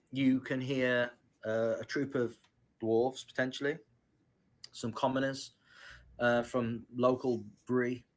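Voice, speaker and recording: A man narrating a tabletop game as game master, hesitant with many ums. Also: mid-range voice.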